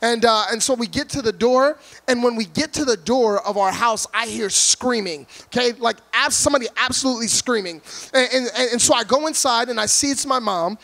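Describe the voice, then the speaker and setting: Brief: high-pitched male preacher from Florida, energetic, comic, loud delivery to a church crowd. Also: a little fast, gravelly. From Orlando, Florida, USA. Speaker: guest preacher. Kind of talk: humorous sermon to a congregation. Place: church before a live congregation.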